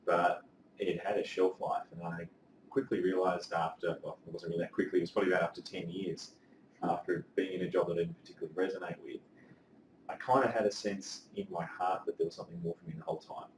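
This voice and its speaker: A man, telling his story as a life coach in a casual interview, earnest and animated, with casual swearing. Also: deep voice, fast, slight background noise. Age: 30s. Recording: echoey room, mic at a distance.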